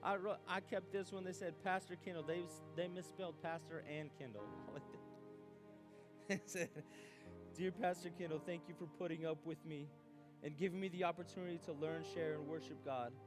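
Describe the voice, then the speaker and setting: A man preaching a youth sermon as youth pastor, animated, acting out his own doubts aloud. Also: fairly high pitch, moderate pace, over music.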